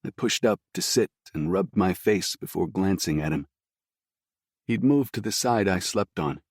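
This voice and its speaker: A deep-voiced audiobook narrator reads a first-person story slowly and somberly, his scripted delivery steady throughout. The sound is dry and close, with no room sound at all.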